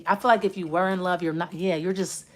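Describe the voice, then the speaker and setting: A woman's voice: fairly low pitch, steady tone, fast talker. A woman giving a casual spoken tarot reading, blunt and profane, rambling and restarting as she talks straight to the listener. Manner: rambling, with many restarts while reading cards. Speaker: tarot reader.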